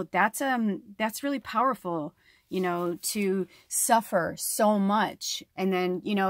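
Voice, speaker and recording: A woman's voice: mid-range voice, no echo, studio quality. Earnest rambling woman doing a reading. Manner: rambling, earnest, many fillers. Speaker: spiritual medium. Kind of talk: casual tarot reading talk.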